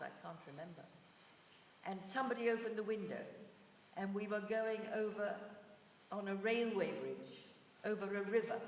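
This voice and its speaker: An older woman giving a personal testimony talk in a synagogue, with measured, gentle, reflective storytelling. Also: medium pitch, slight background noise. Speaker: guest speaker. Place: synagogue hall. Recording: echoey hall, voice from far off.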